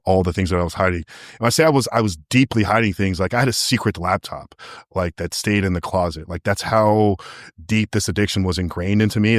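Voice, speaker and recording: Podcast guest, male, low voice, candid emotional storyteller, dry close sound. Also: no echo. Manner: candid, emotional, fast storytelling with many fillers. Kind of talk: casual interview storytelling.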